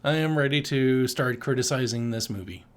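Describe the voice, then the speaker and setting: A man co-hosting a podcast in casual chat, crude and joking, with an animated way of talking. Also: medium pitch, normal speed. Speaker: podcast co-host.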